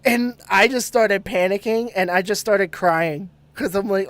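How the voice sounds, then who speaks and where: Guest, man, animated profane storyteller, laughs through it, dry close sound. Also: sits high, unhurried, hardly any pauses, no room sound. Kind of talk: casual storytelling.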